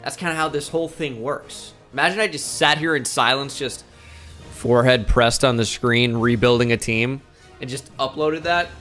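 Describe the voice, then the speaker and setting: A man's voice: mid-range voice, moderate pace, sharp tone, faint music behind. A young man giving rambling, joking, self-mocking commentary while playing a football video game. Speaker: gaming YouTuber. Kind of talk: casual gameplay commentary.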